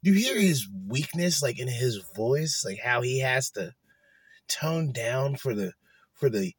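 A man's voice: medium pitch, animated, a little slow, slightly rough, dry recording. A man hosting a podcast, ranting bluntly and swearing a lot as he reacts to clips. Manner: blunt, profane, dismissive. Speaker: podcast host.

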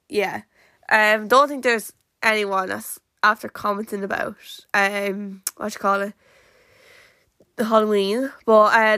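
An Irish woman talks casually to her podcast listeners, wandering from thought to thought with constant fillers and restarts. Her voice is bright and clear. It sits dry and close, with no room sound around it. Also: medium pitch, dry recording. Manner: rambling, full of "like" fillers and restarts. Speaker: podcast host. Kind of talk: casual live-stream podcast chat.

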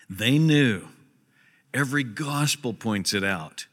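Male pastor preaching, mid-pitched, emphatic, echoing hall. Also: lively intonation, measured pace, a bit bright. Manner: emphatic, repeats key phrases for stress. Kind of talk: sermon. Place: church sanctuary.

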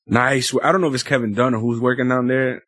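A man's voice: medium pitch, a bit bright, dry recording. A man co-hosting a casual wrestling chat, loose and profane, rambling with filler words. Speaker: podcast co-host.

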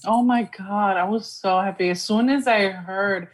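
A woman with a mid-range voice chatting as a podcast co-host. She talks in an excited, emotional way and laughs often. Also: medium pitch, a little slow. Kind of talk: casual chat.

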